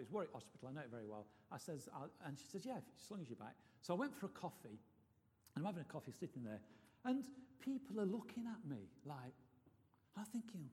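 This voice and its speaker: Guy preaching, chatty story full of restarts, high animated voice, hall echo. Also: a little fast. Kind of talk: sermon. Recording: long reverb of a hall.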